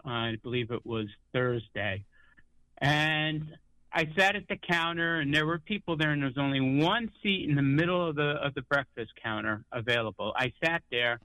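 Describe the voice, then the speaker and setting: A man's voice: fairly high pitch, expressive, normal speed, sharp tone, no echo, rough recording. A man from Connecticut calling into a radio show and telling a story in detail. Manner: storytelling, acts out quoted people. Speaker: caller. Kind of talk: call-in radio chat.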